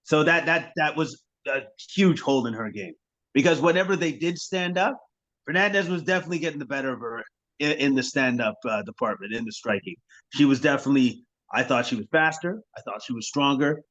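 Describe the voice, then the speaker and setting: A man's voice: medium pitch, animated, fairly quick, a bit bright. Sarcastic laughing man, dull lo-fi sound. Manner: sarcastic, laughing, repeats himself. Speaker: sports podcast co-host. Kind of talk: casual chat.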